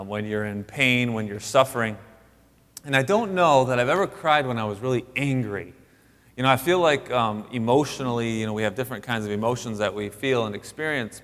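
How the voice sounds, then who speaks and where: A man in his thirties preaching a sermon as pastor, talking in a halting way with many fillers and restarts. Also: lowish voice, fairly bright tone, long reverb tail. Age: 30s.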